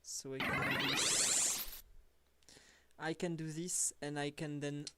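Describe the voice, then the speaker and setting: Woman, game streamer, slow delivery, low voice, wry running commentary. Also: flat delivery, heavy background noise. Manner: thinks aloud, teases herself and the game. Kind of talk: live gameplay commentary.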